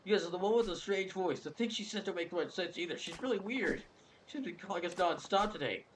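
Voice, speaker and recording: Man putting on an eager male clerk, flattering, wheedling, raised voice, lively. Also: sits high, a little fast, a little hiss or hum, voice pushed up. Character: eager male telephone club clerk, pleading.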